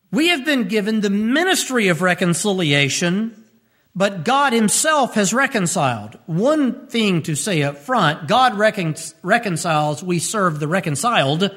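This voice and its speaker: A man preaching a radio sermon as pastor, repeating key phrases and rising sharply in pitch when he stresses a point. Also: a bit bright.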